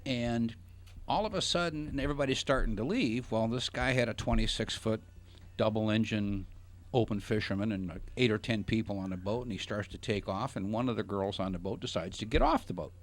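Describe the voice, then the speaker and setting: A man's voice: on the low side, fairly quick. A middle-aged man hosting a radio talk show, telling a long joking anecdote in casual chat. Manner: jokey anecdotal storyteller. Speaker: radio show host, financial advisor.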